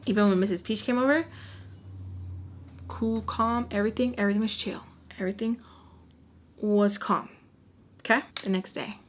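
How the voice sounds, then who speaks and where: A young woman in her twenties tells a personal story to the camera in a casual, dramatic way. Her voice sits in an ordinary middle pitch, and she acts out what she said back then and repeats lines for emphasis. A faint hiss runs under the recording. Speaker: storytime vlogger.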